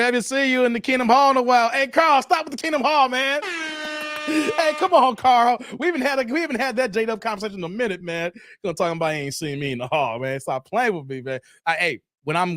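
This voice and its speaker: Animated high-voiced man hosting a live stream. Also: no echo, studio quality. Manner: loose and animated, drops "man" often, answers chat comments; brash and defiant toward critics. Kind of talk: casual live-stream chat with viewers.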